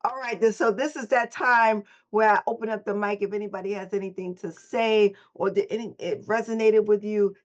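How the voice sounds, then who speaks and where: A woman's voice: mid-range voice, lo-fi sound. A woman hosting a motivational morning call, coaching listeners and having them repeat affirmations back to her. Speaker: host and voice coach.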